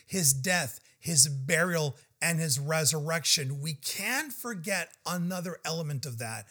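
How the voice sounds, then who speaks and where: An earnest male preacher with a voice pitched a little high for a man. He works through scripture verse by verse, stressing each numbered point with emphatic, declarative delivery. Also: pushed and bright. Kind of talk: verse-by-verse sermon.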